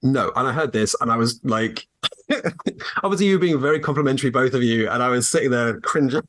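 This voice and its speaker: A man guest co-hosting a podcast who talks in a loose, rambling way. He laughs easily and leans on plenty of fillers, and his voice sits at an ordinary middle pitch. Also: brisk, fairly bright tone. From England. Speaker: guest co-host. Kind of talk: casual podcast chat.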